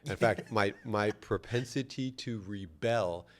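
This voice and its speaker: A man's voice: lowish voice, unhurried. A man from New York City, a company founder, telling stories as a guest in a casual interview, laid-back and profane, laughing often.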